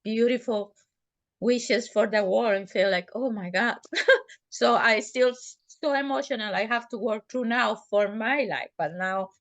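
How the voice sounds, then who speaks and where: Woman participant, moved and effusive, somewhat high voice, dry close sound. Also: unhurried, dry recording. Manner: emotional, effusive, slightly non-native phrasing. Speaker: course participant. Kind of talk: group coaching call.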